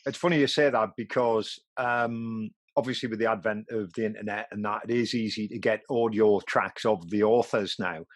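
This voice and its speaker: A man hosting a podcast in casual chat, a former actor who tells lively anecdotes. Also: on the low side, moderate pace, hardly any pauses, no room sound. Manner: animated storyteller, mimics voices in anecdotes. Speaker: podcast host.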